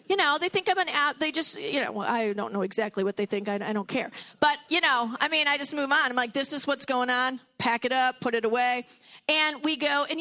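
Bright high-voiced chatty mother. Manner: chatty storytelling with many asides and restarts. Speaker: speaker at a women's gathering. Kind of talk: talk to a group of mothers.

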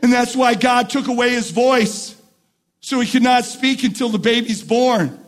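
A male pastor preaching a sermon who builds from quiet, reflective talk to repeated shouted emphasis. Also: very high voice, steady tone, moderate pace.

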